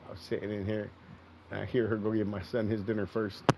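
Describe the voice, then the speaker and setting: A man's voice: on the low side, flat delivery, quick pace, gravelly, very noisy. A middle-aged man streaming a game, telling a long profane story in a rambling way and repeating himself. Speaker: gaming streamer. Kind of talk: casual storytelling while gaming.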